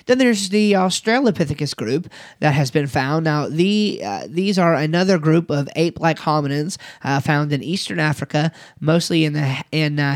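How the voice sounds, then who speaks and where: A man delivers a lesson in a relaxed, conversational way, often pausing on fillers and restarting his sentences. His voice sits a little high for a man. The sound is close and dry. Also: dry recording. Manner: conversational, with fillers and occasional laughs. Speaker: teacher. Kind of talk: recorded lecture.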